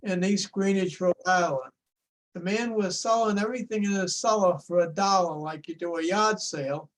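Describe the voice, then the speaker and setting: An older man, his voice sitting high for a man, tells a folksy story full of restarts. He is heard over a video call. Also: moderate pace. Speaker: show-and-tell presenter.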